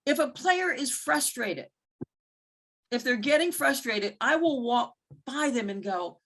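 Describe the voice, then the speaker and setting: An unhurried woman basketball referee tells candid stories in a mentoring talk. Animated and frank, she acts out past exchanges with sweeping pitch jumps and lets slip some mild swearing from time to time.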